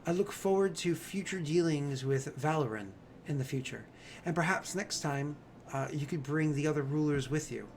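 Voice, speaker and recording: A man voicing a young woman farm leader who speaks in a formal, gracious and slow manner. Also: on the high side, a little hiss or hum, lightly acted.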